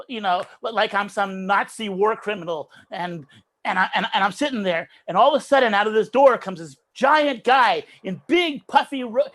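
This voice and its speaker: A man with a high voice tells a comic story over a video call. He is animated and acts out other people's voices, often laughing at his own jokes. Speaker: comedian.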